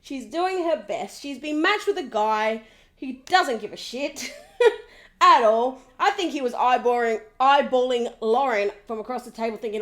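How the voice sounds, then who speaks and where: Woman, high-pitched voice, gossipy reality TV recap, animated, sarcastic, mimics people. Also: measured pace.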